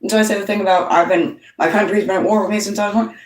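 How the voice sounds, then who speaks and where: A woman's voice: medium pitch, steady tone, very fast, far from the mic. A middle-aged woman, the channel's host, telling a story straight to camera in a blunt way, swearing often and quoting other people. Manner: blunt, heavy swearing, storytelling with quoted voices. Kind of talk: casual monologue to camera. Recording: roomy sound, voice off-mic.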